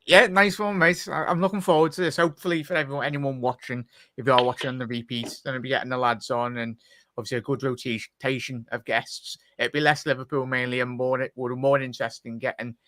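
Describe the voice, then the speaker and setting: A man's voice: medium pitch, fairly even intonation, quick pace, fairly bright tone, no echo. A man co-hosting a casual football chat, easygoing and saying mate a lot. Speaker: co-host.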